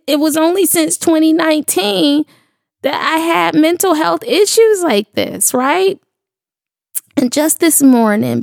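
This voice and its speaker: A high-pitched woman talks straight to her listeners, candid and emotional, sharing faith in loose, slangy language. Her voice has a gravelly fry to it. The sound is dry and close, with almost no room echo. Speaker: faith vlogger speaking to her audience. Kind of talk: personal devotional talk. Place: studio.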